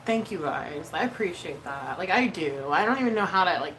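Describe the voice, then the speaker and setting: A woman's voice: lowish voice, expressive, fairly quick, a bit bright, slight background noise, low-quality recording. A woman hosting a casual makeup livestream, chatty and freely swearing as she reads out viewer messages. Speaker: livestream host doing makeup.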